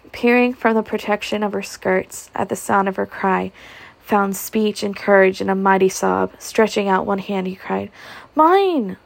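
A woman reading a classic novel aloud with an expressive, gravelly voice. She sometimes breaks off to comment, recorded close in a dry room. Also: medium pitch, dry recording. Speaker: audiobook reader.

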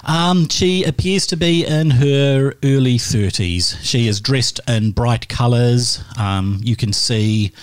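A man's voice: mid-range voice, slow pace, few pauses, clean tone. A man narrating a tabletop role-playing game as game master, often laughing.

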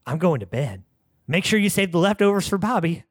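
A man's voice: sits high, sing-song, a little fast, dry recording, studio quality. A man voicing Peggy, a smug, coldly vengeful middle-aged housewife who needles in a prim, sinister way, in a podcast comedy reading. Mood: cold menace.

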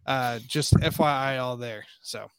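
A man's voice: mid-range voice, measured pace, a bit bright, clean tone, no room sound, clean studio sound. A man hosting a casual sports talk show who keeps the conversation moving and reassures his co-host.

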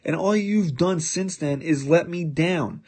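A man's voice: a little high, unhurried, darkish tone. A man hosting a sports podcast, delivering a combative, sarcastic rant full of jabbing questions. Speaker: podcast host.

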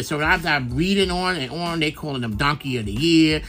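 A man's voice: a little high, lively intonation, moderate pace, few pauses, pushed and bright, soft background music. A young man from Brooklyn, hosting a casual, rambling gossip monologue full of fillers and swearing. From Brooklyn, New York. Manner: chatty, profane, rambling with many fillers. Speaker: podcast host.

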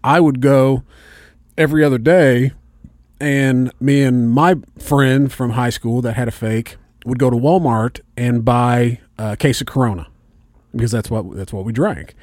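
A man from Indiana telling a story in casual chat, animated and heavy on swearing. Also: mid-range voice, unhurried, no room sound, studio quality.

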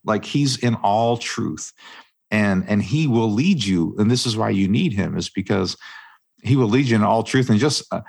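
Low gravelly middle-aged man. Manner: earnest, preacherly emphasis. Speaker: podcast co-host. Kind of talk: casual faith discussion.

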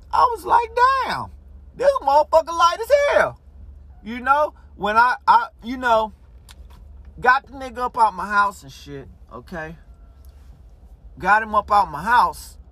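A man telling a story in a casual, animated way, full of swearing. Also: very high-pitched, dry recording. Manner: animated, profanity-heavy storytelling.

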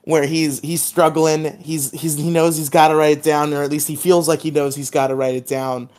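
A man's voice: a little high, level tone, moderate pace, a little mellow. A man co-hosting a podcast, recapping a TV episode in a chatty way full of fillers. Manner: chatty, filler-heavy retelling of scenes. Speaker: podcast co-host.

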